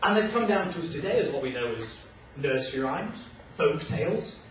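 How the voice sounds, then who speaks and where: A man doing comic storytelling for children, playful and animated with jokey asides. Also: a little high, normal speed, a little hiss or hum. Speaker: children's author and performer. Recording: echoey hall, distant mic, dull sound.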